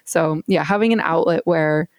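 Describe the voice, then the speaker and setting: A woman's voice: low-pitched, normal speed, no echo, clean studio sound. A woman hosting a podcast, talking earnestly and casually with lots of "like" and "you know" fillers. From United States. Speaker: podcast host.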